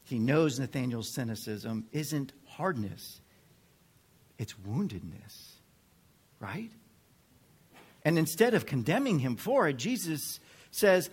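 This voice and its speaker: A man preaching a sermon to a group of men, earnest and measured, dropping to a hush and then building to fervent emphasis. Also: mid-range voice, sing-song, slightly rough. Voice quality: drops to a near whisper at times. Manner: slow, earnest delivery with dramatic swings from hushed to fervent.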